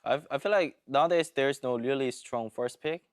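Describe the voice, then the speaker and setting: A man's voice: medium pitch, normal speed, no echo. Hesitant male pro player, dry sound. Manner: hesitant, filler-heavy answers. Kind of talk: casual interview answers.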